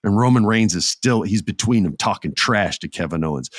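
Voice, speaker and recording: Lowish-voiced man telling an excited recap. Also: fairly quick, dry recording, studio quality. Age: adult with children. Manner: animated storyteller who acts out quotes. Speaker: podcast host. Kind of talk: casual wrestling recap.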